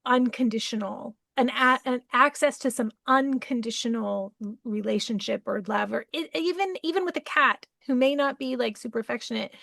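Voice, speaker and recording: A woman hosts a podcast and speaks thoughtfully, often pausing and restarting. Her voice is a bit high, with a gravelly fry. The audio is dry and close. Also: fairly bright tone, no room sound. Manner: thoughtful, halting, with many affirmations. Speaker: podcast host. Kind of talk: podcast interview talk.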